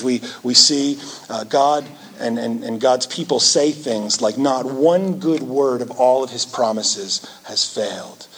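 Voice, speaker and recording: A man preaching a sermon in an earnest way, rising into animated quoted asides. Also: medium pitch, slight background noise. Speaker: pastor.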